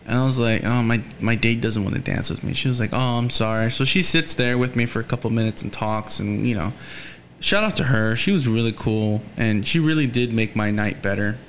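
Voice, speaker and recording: Man, young adult, casual chat, animated retelling, faint background noise. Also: medium pitch, a little fast. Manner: rambling and animated, acting out quoted voices. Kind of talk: casual storytelling.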